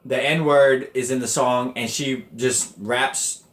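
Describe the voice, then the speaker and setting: A man of middle pitch hosts a podcast in a roomy, echoey space. He tells stories in loose slang full of swearing, jumping into loud quoted voices when he acts out the other people. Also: slow pace. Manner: animated, profane, quotes people in raised voices. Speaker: podcast host. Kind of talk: casual storytelling monologue. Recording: echoey room.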